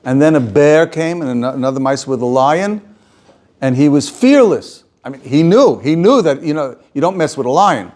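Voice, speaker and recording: Rabbi teaching with halting restarts. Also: male voice, a little high, expressive, darkish tone. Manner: repeats himself, restarts, chuckles, acts out quotes. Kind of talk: informal Torah class discussion.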